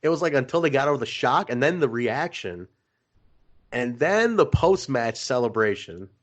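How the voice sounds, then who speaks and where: A man co-hosting a casual podcast who tells stories with animated energy, swears freely and laughs often. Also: medium pitch, moderate pace. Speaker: podcast co-host. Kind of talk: casual chat.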